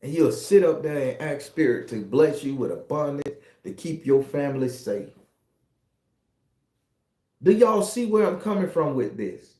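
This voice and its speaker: A man, a tarot reader, ranting in a casual monologue in a profane, animated, preachy way. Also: on the high side, unhurried, echoey room.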